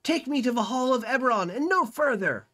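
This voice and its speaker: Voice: mid-range voice, big pitch swings, normal speed, bright, forceful tone, slightly rough, heavily acted. A streamer voicing a proud, grandiose tattooed male wizard in a fantasy video game, with a pompous, exclaiming delivery.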